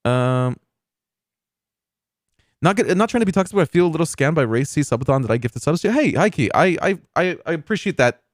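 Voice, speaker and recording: Chatty streamer dude, kinda high voice, dry close mic. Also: male voice, lively intonation, no echo. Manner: chatty, reacts to clips with quick laughs. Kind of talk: casual live-stream chat.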